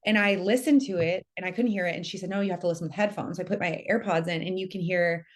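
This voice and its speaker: Woman, rapid talker, slightly low voice, chatty storyteller, lots of "like" and "um". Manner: animated storytelling with many fillers. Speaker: guest storyteller. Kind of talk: casual conversation. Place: lives in Tennessee.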